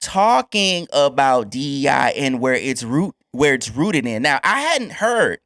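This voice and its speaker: An American man co-hosting a podcast, making political points in a measured, deliberate and earnest way. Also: mid-range voice, big pitch swings, fairly bright tone, dry recording, clean studio sound. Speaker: podcast co-host.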